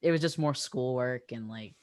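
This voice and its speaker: A man's voice: mid-range voice, moderate pace, darkish tone, no room sound. A teenage boy hosting a casual podcast chat, steering topics with many fillers. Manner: leads the talk, many fillers. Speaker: podcast host.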